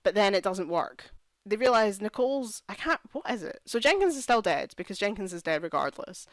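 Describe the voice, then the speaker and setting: Reviewing a TV series in a casual vlog, a young woman rants in exasperation and fills her talk with "like." Her medium-pitched voice swings widely in pitch and moves fairly quickly, with no echo.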